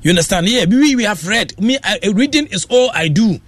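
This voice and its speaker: A man's voice: high voice, lively intonation, brisk, dry recording. A Ghanaian man hosting a radio show, giving rambling casual commentary that mixes Akan and English.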